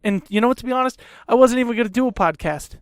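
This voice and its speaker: A man's voice: extremely high pitch, racing, no room sound, studio quality. A man hosting a podcast, ranting heatedly in a casual, profane way and repeating himself. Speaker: podcast host.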